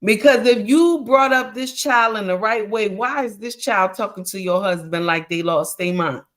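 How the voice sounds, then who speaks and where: Calling her audience "honey" and "mama," a middle-aged woman lectures on relationships during a livestream, hammering her points through repetition. Her voice is medium in pitch and fairly bright, at a normal speed.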